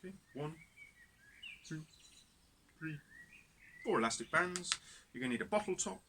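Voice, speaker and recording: A man's voice: on the high side, lively intonation, normal speed, bright, forceful tone. A man leading cub scouts through activities in a casual instructional video, chatty and self-deprecating. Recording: background noise.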